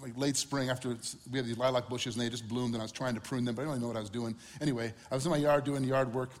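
A man's voice: mid-range voice, fairly even intonation, very fast, in a large hall. A middle-aged man preaching a sermon in a conversational way, acting out quotes with humor. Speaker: pastor.

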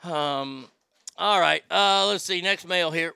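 A man's voice: high-pitched, takes it slowly, gravelly, pushed and bright, clean tone, no echo. A middle-aged man hosting a show, reading listener mail in a blunt, profane, rambling way. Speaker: host.

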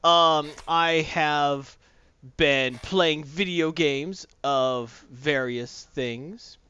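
A man's voice: a little high, extremely slow, clean tone, dull audio. A man co-hosting a casual gaming and comics stream, joking and putting on mock voices. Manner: animated, jokey, mock voices. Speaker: podcast co-host. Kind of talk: casual chat.

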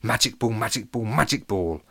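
A man voicing a young man who mutters in low, tense tones, barely holding in his anger, in a storybook reading. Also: animated, normal speed, sharp tone, dry recording, exaggerated voice. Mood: muttering. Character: quietly furious young man with a temper.

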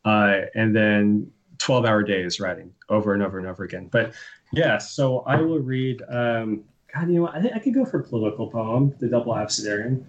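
A man's voice: lowish voice, lively intonation, a little fast, dull audio. A man, a poet appearing as a guest, talking bluntly and wryly in casual conversation and reading his own poems aloud. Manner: blunt, opinionated, wry.

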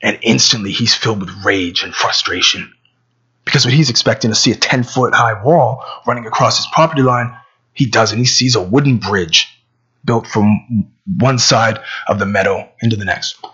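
A man's voice: on the low side, moderate pace, pushed and bright, husky, dull audio. A man preaching a sermon, telling a story conversationally with stammering repeats, then praying.

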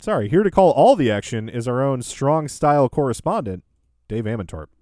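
A man's voice: medium pitch, sing-song, brisk, mellow, no room sound, studio quality. A man hosting a podcast, casually recapping events in order and laughing easily. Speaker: podcast host.

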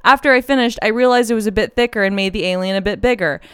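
A woman's voice: mid-range voice, fast talker, clean tone, no room sound, studio quality. A woman co-hosting a podcast, reading listener letters aloud in an effusive, chatty way. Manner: effusive, reads listener mail aloud, tearful when moved. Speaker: podcast co-host. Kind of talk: casual chat. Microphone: handheld mic.

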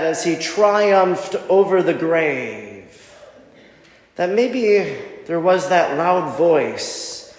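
Priest giving an easter homily, slow and thoughtful, big echoey church. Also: male voice, high voice, darkish tone. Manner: reflective, wondering, measured. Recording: echoey church with long reverb.

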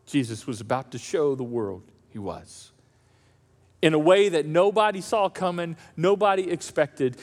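A man preaching a sermon as pastor, animated and acting out the voices of the crowd. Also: high-pitched. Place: church auditorium. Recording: reverberant church hall.

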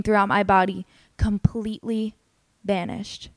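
A woman's voice: mid-range voice, normal speed, no room sound. Young woman podcast host, earnest and candid, dry close-miked sound. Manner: earnest, candid and emotional, with many "like" fillers. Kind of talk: personal storytelling monologue.

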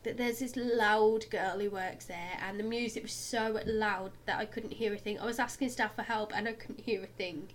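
A young woman, co-hosting a casual chat and telling stories in a lively, animated way. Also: medium pitch, moderate pace, few pauses. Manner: chatty, animated storyteller who mimics people loudly. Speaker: podcast co-host.

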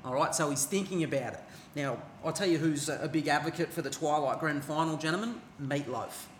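A man's voice: a little high, a little fast. An Australian man co-hosting a podcast, making earnest points with some hesitations. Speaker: podcast co-host. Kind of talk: casual podcast discussion. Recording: roomy studio with faint noise.

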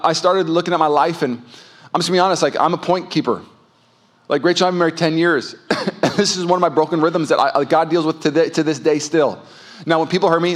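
A man in his thirties gives a sermon as pastor, his voice sitting a little higher than most men's. He talks candidly and mocks himself, breaking into comic acted outbursts. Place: church stage.

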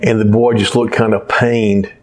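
His voice is on the low side and darkish, with little pitch movement and a moderate pace. He's a preacher telling stories in a sermon, rambling and now and then losing his place before beginning again.

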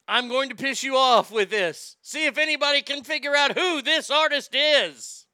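A man hosting a casual morning live stream, reading out chat messages with loud, animated swearing. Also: very high voice, normal speed.

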